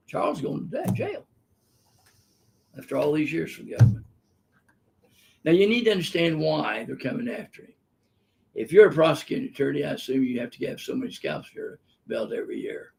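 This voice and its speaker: Gravelly older man, blunt and emphatic. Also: fairly high pitch, lively intonation, normal speed, long pauses. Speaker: physician host answering viewer questions. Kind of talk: live webinar storytelling. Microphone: live webinar microphone.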